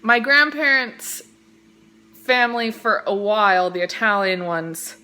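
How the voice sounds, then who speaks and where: A young Californian woman tells a story in a slow, unhurried drawl, her voice bright and clear. She rambles and sidetracks, fills every gap with "like" and swears offhandedly. She talks into a phone she holds in one hand while cooking in her kitchen. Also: mid-range voice, animated. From Central Valley, California. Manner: rambling, easily sidetracked, heavy "like" filler, swears casually. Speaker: vlogger. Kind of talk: casual storytime chat. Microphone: phone held in one hand.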